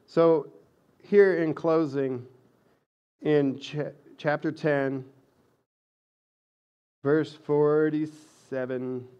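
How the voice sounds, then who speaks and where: A man's voice: on the high side, steady tone, drawn-out words, long pauses, mellow, clean tone, dull audio. A man preaching a sermon in a conversational way, growing emphatic when he reads scripture aloud. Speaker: pastor.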